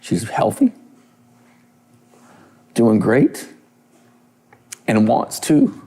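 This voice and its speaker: A man with a lowish, mellow voice speaks into a stage microphone at a conference. He tells a heartfelt story with feeling and animation, slipping into the voices of the people he quotes. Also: moderate pace, pauses often. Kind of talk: storytelling speech to an audience.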